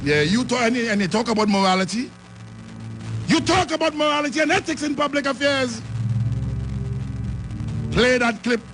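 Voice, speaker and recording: A man hosting a radio talk show, challenging and rapid-fire. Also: extremely high pitch, expressive, music in the background. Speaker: radio announcer.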